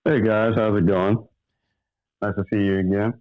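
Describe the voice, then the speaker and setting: A man's voice: lowish voice, flat delivery, normal speed, no echo. A man calling in to a sports podcast, speaking with a hesitant start. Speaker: caller. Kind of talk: casual call-in chat. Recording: dull lo-fi call audio.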